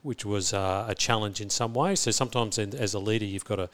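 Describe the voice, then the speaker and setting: Australian man, middle-aged, lowish voice, reflective interview talk, halting restarts. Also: a bit bright. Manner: thoughtful, many restarts and repeats. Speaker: school principal.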